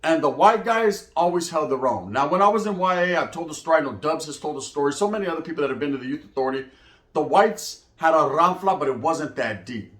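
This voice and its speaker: A man telling prison stories in casual slang, animated, often acting out quoted voices. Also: on the high side, fast talker. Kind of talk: casual storytelling monologue. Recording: echoey room.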